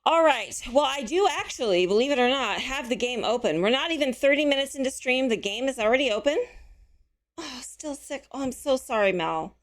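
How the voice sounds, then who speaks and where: A woman hosting a casual live stream, chatting with viewers and answering their messages, her voice a little hoarse. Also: sits high, lively intonation, fairly quick. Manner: chatty, friendly, answers chat messages aloud. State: slightly hoarse.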